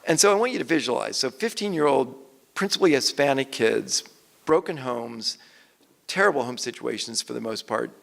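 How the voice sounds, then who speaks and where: An older man, an author and guest speaker, telling stories on stage and quoting people in lively voices. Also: mid-range voice, gravelly. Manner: animated storyteller, quotes people in lively voices. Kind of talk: conversational stage talk. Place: event hall with audience. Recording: long hall reverb.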